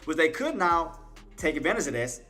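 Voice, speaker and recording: A man's voice: a little high, big pitch swings, normal speed, faint music behind. Fired-up male day-trading streamer. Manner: coaxes and taunts the price chart, swinging from muttering to loud outbursts; playful trash talk with laughter. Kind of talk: live trading commentary.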